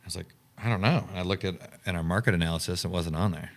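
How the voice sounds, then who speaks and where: A man's voice: low voice, flat delivery, rapid-fire. A man who owns and directs a camp, telling his story in a podcast interview and acting out the dialogue he quotes.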